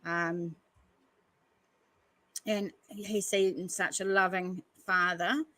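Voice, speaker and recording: This podcast host's lowish voice is very slow, steady, bright and forceful as she reads news articles aloud. She stops often to add earnest thoughts between passages, and the recording is low quality.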